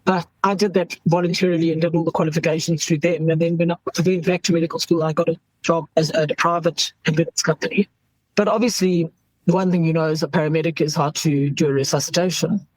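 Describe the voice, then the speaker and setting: A woman's voice: sits low, steady tone, quick pace, dry recording, rough recording. Frank woman doctor. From South Africa. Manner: frank, acts out quoted voices. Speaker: emergency doctor. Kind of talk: candid interview talk.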